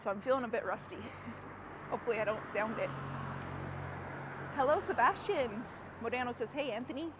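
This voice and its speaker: A woman's voice: fairly high pitch, moderate pace, pauses often. Chatty woman walking a city street. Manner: chatty, greets viewers by name, laughs often. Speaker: live-stream host. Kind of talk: casual live walking stream. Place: city street outdoors at night. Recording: outdoor street noise with traffic. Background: traffic and street noise.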